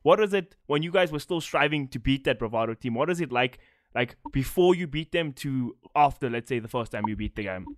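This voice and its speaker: A man's voice: mid-range voice, lively intonation, a little fast, no echo, studio quality. A man hosting a casual gaming podcast, rambling and repeating words, laughing often. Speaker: podcast host.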